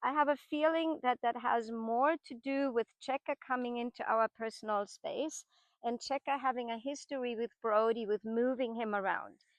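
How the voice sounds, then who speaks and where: A woman's voice: fairly high pitch, normal speed, dry recording. Patient, explanatory woman horse trainer. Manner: patient, explanatory, with frequent tag questions. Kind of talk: explanatory teaching talk while working horses.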